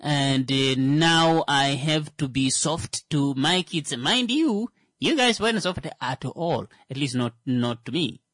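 A man gives a comedic monologue in an expressive, slightly bright voice with no echo. He halts often with "uh" fillers and suddenly raises his pitch for emphasis.

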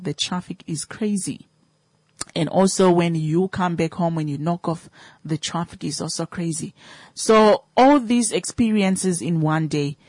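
A woman's voice: deep voice, dry recording. A woman radio host, talking casually to listeners with many fillers and questions.

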